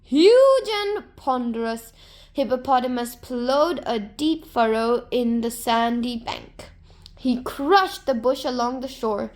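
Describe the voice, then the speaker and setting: A woman narrating a folktale to children in a gentle, expressive storybook manner. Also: on the high side, slow.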